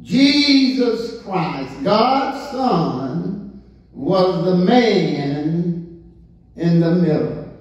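A man preaching a sermon as pastor, drawing out his words and rising into excited calls to the congregation. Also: high voice, drawn-out words. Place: church sanctuary. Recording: echoey church from far off.

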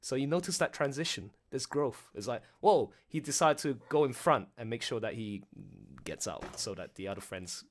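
A man hosting a casual livestream chat with voice actors, excitable and rambling, laughing often. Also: medium pitch, moderate pace, hardly any pauses. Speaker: livestream host.

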